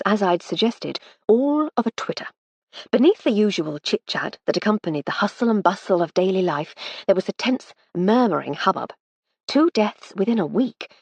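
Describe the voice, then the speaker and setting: A woman reading a first-person audiobook with wry, lively storytelling. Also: on the low side, slightly rough, dry recording. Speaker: audiobook narrator.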